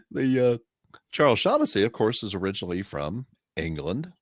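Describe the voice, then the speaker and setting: An American man co-hosting a relaxed weekly podcast, telling stories with laughs between his points. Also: lowish voice, unhurried, no echo, studio quality. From United States. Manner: animated storyteller who laughs between points. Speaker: podcast co-host. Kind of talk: casual chat.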